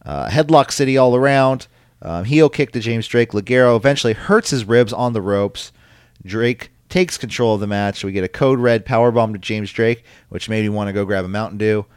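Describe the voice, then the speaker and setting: A man's voice: lowish voice, normal speed, clear, resonant tone, no room sound. A man hosting a casual podcast, rambling through a recap with lots of ums and likes. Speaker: podcast host recapping wrestling. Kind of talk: casual chat.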